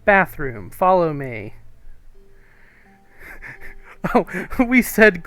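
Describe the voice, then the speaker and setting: A man's voice: a little high, expressive, measured pace. Chatty man streaming a story game. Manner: chatty and amused, reading choices aloud with fillers. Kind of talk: live gameplay commentary and reading.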